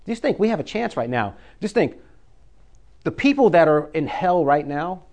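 A man's voice: on the high side, sing-song, moderate pace, darkish tone. A man preaching a sermon, folksy and conversational, reading scripture and pressing his listeners with urgent emphasis.

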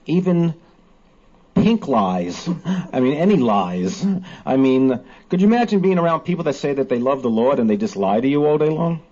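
Animated man hosting a Bible talk. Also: medium pitch. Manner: animated, emphatic, quotes scripture slowly. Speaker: host of a Bible discussion. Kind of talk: casual religious discussion. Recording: dull lo-fi recording.

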